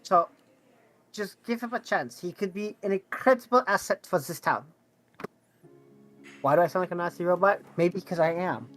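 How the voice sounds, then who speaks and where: A woman plays a blunt male robot blacksmith in a tabletop game. The voice sits on the low side and the speech is stiff and formal, with clipped phrasing. Faint music runs underneath. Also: normal speed, pauses often, lightly acted. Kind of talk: tabletop role-play in character.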